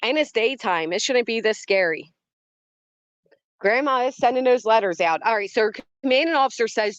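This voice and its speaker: A woman's voice: fairly high pitch, animated, normal speed, dry recording, highs cut off. Dramatic woman livestreaming outdoors. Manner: dramatic, talks to chat. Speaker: livestream host. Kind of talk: casual livestream commentary. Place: outdoors in a yard by trees.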